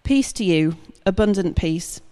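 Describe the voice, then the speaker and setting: A woman's voice: lowish voice, lively intonation, a little slow, mellow. A woman reading scripture aloud, voicing an ancient male king in a plain, lightly voiced way. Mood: proclaiming. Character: ancient male king, troubled then proclaiming.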